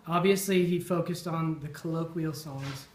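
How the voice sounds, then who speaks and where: A man's voice: a little high, fairly even intonation, normal speed, a little hiss or hum. A man giving an informal after-dinner toast, thoughtful and full of ums and restarts. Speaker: toast speaker at a Burns supper. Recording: echoey dining hall.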